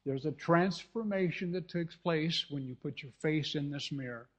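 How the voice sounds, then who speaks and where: A pastor from California delivers a fervent sermon in a slightly higher-than-usual man's voice, repeating phrases and breaking off to check in with his listeners. The sound is a dull, lo-fi recording. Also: normal speed, slightly rough. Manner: fervent, repetitive preaching with restarts and asides to the congregation.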